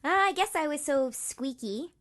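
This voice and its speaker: A woman's voice: sits high, animated, moderate pace, fairly bright tone. A young Canadian woman, a voice actress and interview guest, speaking in a playful, giggly, self-deprecating way. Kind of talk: casual interview chat.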